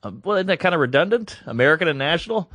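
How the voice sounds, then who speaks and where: A man's voice: a little high, expressive, very fast, fairly bright tone, dry recording. A man co-hosting a podcast, telling a story in casual comedy chat, playful with goofy asides. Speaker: podcast co-host.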